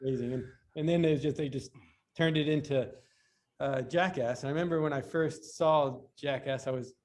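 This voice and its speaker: A man's voice: mid-range voice, brisk, a little mellow. A man who is a guest on a podcast, telling long stories in casual talk with many restarts and fillers. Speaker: guest, BMX rider. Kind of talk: casual interview storytelling.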